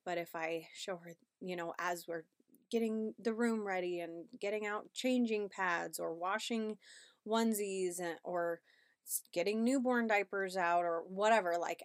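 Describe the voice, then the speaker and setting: A woman's voice: on the low side, dry recording, studio quality. A pregnant woman in her thirties hosting a casual parenting podcast, chatty and upbeat, often checking in with "right?". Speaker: podcast host.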